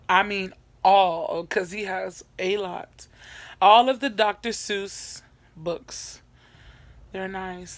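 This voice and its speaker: A young woman chatting casually in a get-to-know-me vlog from her bed at night, rambling with many fillers and repeating herself. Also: mid-range voice. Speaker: vlogger.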